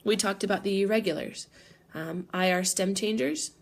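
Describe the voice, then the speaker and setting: A woman's voice: mid-range voice, moderate pace, gravelly. A woman teacher explaining grammar patiently, step by step, in a recorded lesson. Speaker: Spanish teacher.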